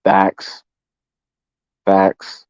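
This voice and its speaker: A man's voice: very slow, no room sound, dull audio. A man ranting casually to his live chat, swearing constantly and restarting his sentences as he goes. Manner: profane, rambling, animated rant with frequent restarts. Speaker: streamer.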